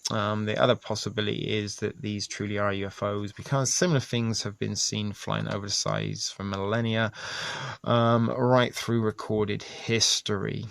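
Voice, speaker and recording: A man reading articles aloud and commenting in a casual, halting way, with many ums and restarts. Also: on the low side, flat delivery, gravelly, fairly bright tone, no echo. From England. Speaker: video host.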